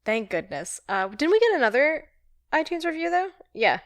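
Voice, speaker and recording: A woman co-hosting a podcast in casual chat, relaxed and quick to laugh. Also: high-pitched, no room sound, studio quality. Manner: laughs easily, relaxed and friendly. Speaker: podcast co-host.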